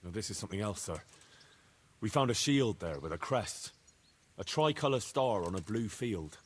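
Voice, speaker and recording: A respectful young squire in a medieval game, reporting to his lord in a low, husky voice. He speaks plainly and politely. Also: animated, moderate pace. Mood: earnest. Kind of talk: video game voice acting.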